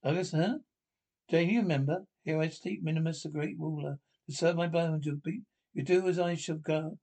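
Guy reading out a spooky radio script, all the parts, kinda high voice, trips over words a lot. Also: steady tone, mellow. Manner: halting read-through with slips and restarts. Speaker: script reader.

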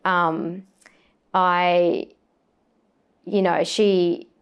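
Aussie woman chatting in an interview, lots of um and like, fairly low voice. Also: level tone, drawn-out words, smooth, lo-fi sound. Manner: chatty, many fillers and restarts. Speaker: sports presenter and reporter, guest. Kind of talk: casual interview chat.

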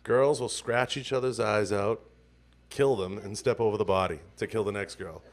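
A man's voice: on the low side, steady tone, moderate pace. A man hosting a casual conversation who jokes around and laughs easily. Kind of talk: casual chat.

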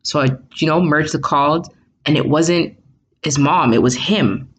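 A woman's voice: low voice, unhurried, lo-fi sound, slight background noise. Candid woman telling a story. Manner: candid, lively storytelling, acting out quotes. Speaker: mother and podcast co-host. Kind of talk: casual storytelling conversation.

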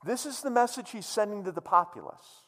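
A male pastor preaching with a high, very lively voice that swoops up and down as he teases the crowd. His words ring through a church hall with a long reverb. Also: brisk. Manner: animated, humorous, jokes with the audience. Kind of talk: sermon.

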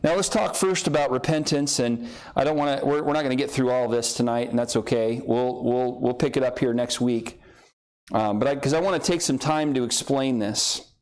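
A man's voice: medium pitch, moderate pace, a little mellow. A man preaching a conversational sermon as pastor, joking and acting out imagined dialogue between believers.

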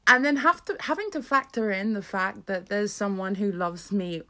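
A woman's voice: medium pitch, moderate pace, pushed and bright. A woman musician talking casually to camera, rambling and self-mocking, often dropping to a whisper. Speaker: musician and creator. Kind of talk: casual personal vlog talk.

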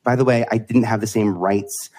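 A man's voice: lowish voice, steady tone, moderate pace, dark tone. A man in his forties, a podcast guest talking candidly and laughing often, restarting phrases as he goes. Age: 40s. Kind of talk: casual conversation.

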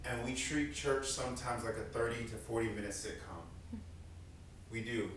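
A man's voice: mid-range voice, moderate pace, a little hiss or hum. A man preaching a sermon as pastor, in an earnest, conversational way, repeating key lines for emphasis. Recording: very echoey room, mic at a distance.

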